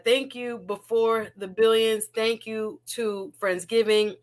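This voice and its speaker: A woman's voice: fairly high pitch, fairly even intonation, takes it slowly. A woman hosting a casual livestream, talking emotionally, laughing often and repeating her words. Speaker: livestream host.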